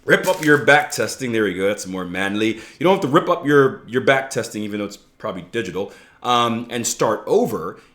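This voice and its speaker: A man's voice: on the low side, animated, fairly quick, few pauses, fairly bright tone. Chatty male trading coach, casual podcast. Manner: conversational, jokey asides, frequent "right?" checks. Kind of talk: casual instructional podcast talk.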